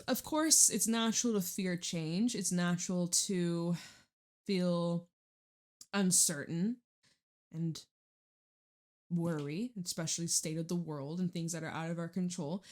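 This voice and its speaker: Woman, tarot reader, relaxed chatty delivery with low-ish pitch, laughs and curses casually.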